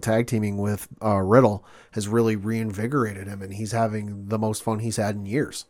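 A man co-hosting a casual podcast chat, relaxed and agreeable, recounting what happened. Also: on the low side, normal speed. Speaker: podcast co-host.

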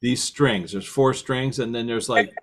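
A man's voice: mid-range voice, a little slow. A man hosting a casual interview, asking long questions and restating his guest's ideas. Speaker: host.

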